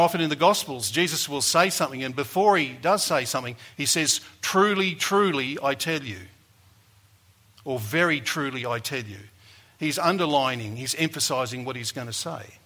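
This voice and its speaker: A man preaching a sermon, rising to loud emphasis and falling back to soft, low lines. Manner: dynamic, builds to loud emphasis then drops soft.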